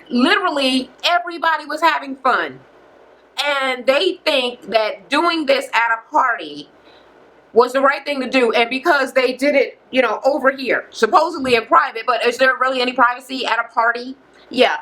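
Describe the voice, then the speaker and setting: A woman vlogger with a high voice rants through a reality TV recap, cursing freely. Her tone is bright and sharp, and her delivery is animated and casual. She is recorded on a camera microphone. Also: moderate pace. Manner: profane, animated, heavy cursing.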